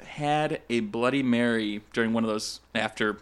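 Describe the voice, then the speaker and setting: A man from Minnesota talks casually on a podcast, spinning rambling, jokey stories. His voice sits at an ordinary middle pitch. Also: moderate pace, smooth. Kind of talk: casual chat.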